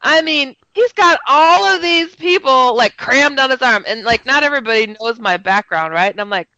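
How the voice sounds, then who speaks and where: A woman's voice: fairly high pitch, fairly quick, hardly any pauses, no echo, lo-fi sound. A woman co-hosting a radio talk show, telling stories animatedly, often laughing and acting out voices. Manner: animated storyteller, laughs often, acts out dialogue. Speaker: radio co-host. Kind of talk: casual radio chat.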